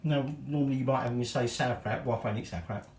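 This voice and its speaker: A man's voice: medium pitch, brisk, a little mellow. Chatty middle-aged man in echoey kitchen. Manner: chatty, rambling, self-deprecating asides. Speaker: home cooking show host. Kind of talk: casual cooking demonstration. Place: home kitchen.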